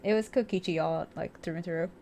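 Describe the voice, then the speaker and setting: A woman's voice: lowish voice, brisk, dark tone, slight background noise. A young woman casually commenting on a game as she plays, chatty, laughing often and swearing freely. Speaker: let's-play streamer.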